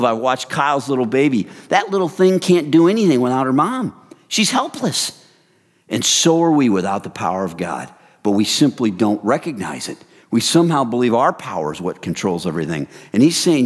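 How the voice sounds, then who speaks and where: A male preacher delivers a sermon with a lively, swooping voice that drops to a hush and then jumps into loud excited bursts. He keeps it casual and talks to his listeners as "you guys". A long hall reverb trails behind his words. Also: mid-range voice, brisk. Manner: animated, swings from hushed to loud excited bursts.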